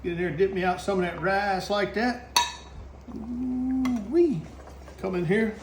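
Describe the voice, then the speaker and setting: A man with a Southern US accent hosting a casual cooking video, talking folksy and breaking into excited exclamations as he cooks. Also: high-pitched, brisk, roomy sound, noisy background. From Southern United States. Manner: folksy, excited exclamations, talks to the camera operator. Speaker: host cooking on camera.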